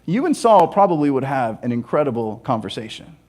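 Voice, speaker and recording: A man preaching a sermon as a pastor, in an animated and conversational way with casual asides. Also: high-pitched, quick pace, few pauses.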